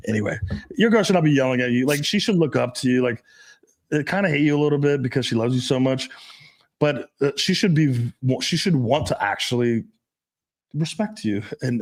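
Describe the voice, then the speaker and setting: A man's voice: medium pitch, a little mellow. Blunt, profane man on a podcast. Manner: profane, blunt, storytelling with laughs. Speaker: dating coach, podcast host. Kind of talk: casual podcast chat.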